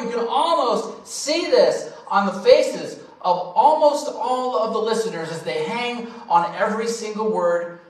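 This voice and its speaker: A male pastor preaching a sermon, swinging from loud emphasis to quiet, drawn-out phrases. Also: sits high. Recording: very echoey hall, voice from far off.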